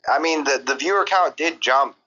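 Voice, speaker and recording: A man chatting casually on a game stream, excitable and tripping over his words. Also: a little high, moderate pace. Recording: dull lo-fi voice chat audio.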